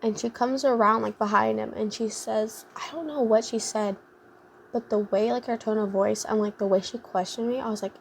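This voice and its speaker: Gravelly-voiced young woman rambling through a story. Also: a little high, fairly even intonation, moderate pace, a little hiss or hum. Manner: rambling, full of fillers like "like" and "um". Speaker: vlogger. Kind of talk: casual storytime chat.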